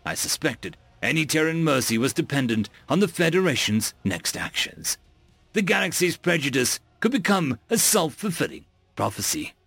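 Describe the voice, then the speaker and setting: A man narrating an audiobook chapter in an even, storytelling way. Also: a little high, moderate pace, no echo, soft background music. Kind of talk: scripted narration.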